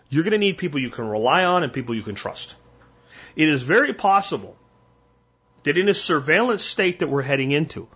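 An older man hosting a solo podcast, talking bluntly and emphatically in warning tones, with a husky voice. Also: a little high, a bit bright, highs cut off. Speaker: podcast host.

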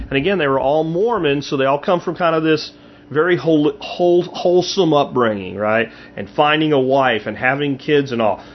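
A man with a fairly high voice delivers a blunt, emphatic opinion monologue as host of his own show. He speaks straight to his audience. The recording sounds dull and lo-fi.

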